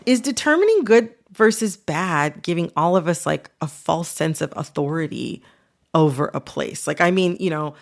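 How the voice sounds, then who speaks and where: Chatty woman podcast host with a lowish, gravelly voice. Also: animated, moderate pace. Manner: chatty, frequent "like" and "you know". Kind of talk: conversational interview.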